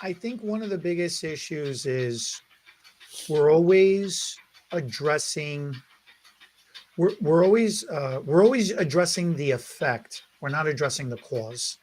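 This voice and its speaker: High-voiced man telling animated stories. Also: unhurried. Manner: animated storyteller, laughs often. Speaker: podcast co-host. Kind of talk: casual podcast chat.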